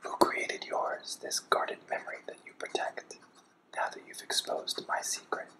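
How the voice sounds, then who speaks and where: A gentle, loving young woman from a storybook, read by a man in a hushed, unvoiced whisper. The sound is bright and crisp, and each line comes slow and tender. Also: rough recording.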